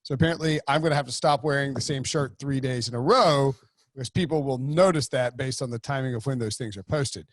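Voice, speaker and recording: A man's voice: mid-range voice, fairly quick, no room sound, studio quality. A man hosting a sports podcast, chatting in a loose, rambling way with many fillers and restarts. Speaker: podcast host. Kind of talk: casual podcast chat.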